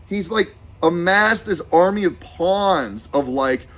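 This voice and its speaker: A young adult man streaming a heated, profane rant, swinging between shouting and low muttering. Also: slightly rough.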